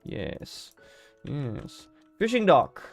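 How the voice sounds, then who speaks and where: A man's voice: a little high, wildly swooping pitch, very slow, soft background music. A man streaming a game live, chatting casually and joking as he thinks aloud.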